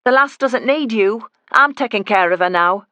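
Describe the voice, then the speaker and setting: A man voicing a sullen, suspicious older working-class mother in an audiobook; she sounds sharp, high and combative. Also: animated, moderate pace, clear, resonant tone, dry recording. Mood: protective. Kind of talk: audiobook character voice.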